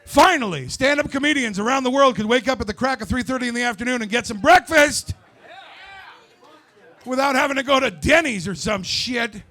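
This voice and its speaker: A man doing a stand-up comedy set on stage, ranting and profane, with shouted punchlines. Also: extremely high pitch, fairly quick. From United States.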